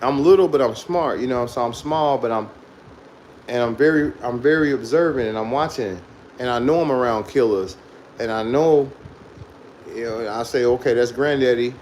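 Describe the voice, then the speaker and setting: A man's voice: medium pitch, moderate pace, a little mellow, a little hiss or hum, poor audio. A man casually telling a profane childhood story, laughing often as he goes. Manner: loose, profane, laughs through his story.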